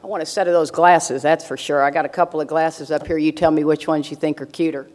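An older woman addresses a recovery meeting, telling stories with brash, joking humor and frequent laughter. Her voice is low-pitched, steady, a little mellow, and fast.

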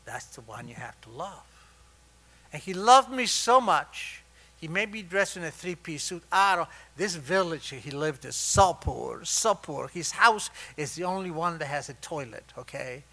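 A man in his sixties sharing a personal story at a recovery meeting, with wry, self-mocking humor that turns tender and soft. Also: fairly high pitch, expressive, normal speed.

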